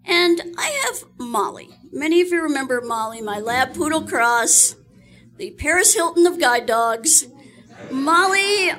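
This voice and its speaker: High bright-voiced woman host. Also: animated, unhurried, faint music behind. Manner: chatty, laughs often. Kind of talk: casual storytelling.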